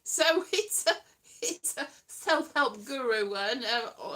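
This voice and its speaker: A woman chats to her livestream viewers from home in a rambling, self-mocking way, slipping into half-sung phrases. Her voice is high, bright and sharp, swooping up and down as she talks. Faint guitar music plays behind her. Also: expressive, slow. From Wales. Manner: rambling, self-deprecating, breaks into sung lines. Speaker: livestream host. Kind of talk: casual chat livestream.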